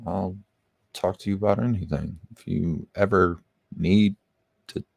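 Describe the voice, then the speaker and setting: A man's voice: sits low, steady tone, a little slow, vocal fry, no room sound. A man guesting on a podcast, chatting casually about his music, rambling with lots of fillers and swearing. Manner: laid-back, swears a lot, rambling with many fillers. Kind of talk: casual interview chat.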